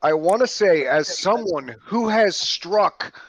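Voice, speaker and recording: A male podcast host swears his way through a rambling story in casual chat. His fairly high voice swings up and down a lot. The sound is dry and lo-fi. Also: takes it slowly, no echo. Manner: animated, profane, full of restarts.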